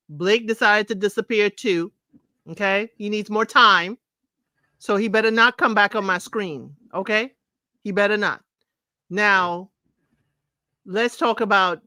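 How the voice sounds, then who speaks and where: A woman co-hosting a reality TV recap, giving blunt, sassy commentary at an even middle pitch. Her voice is dry and close on the mic. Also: no room sound. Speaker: co-host of a reality TV recap show. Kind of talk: casual chat.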